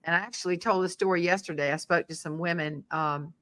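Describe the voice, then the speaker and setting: Bright, animated woman telling stories. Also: on the low side, quick pace. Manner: animated storyteller, acting out voices. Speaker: podcast host. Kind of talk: casual interview chat.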